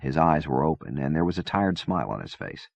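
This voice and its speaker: A man reading a novel aloud in measured, even scripted narration. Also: very deep voice, gravelly, dry recording. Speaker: audiobook reader. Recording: dull dry cassette-era recording.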